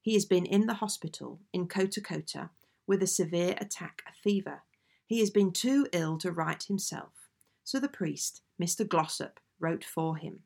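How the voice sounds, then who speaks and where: A woman reading aloud old family letters in a measured, genteel way. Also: lowish voice, creaky, darkish tone. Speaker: audiobook reader.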